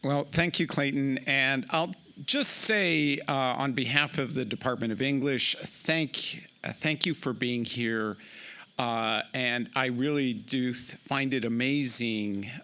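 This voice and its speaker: Male department representative, formal thanks; slow, bright, halting delivery. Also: mid-range voice, smooth. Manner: halting, measured, many uh fillers. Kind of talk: formal thank-you remarks.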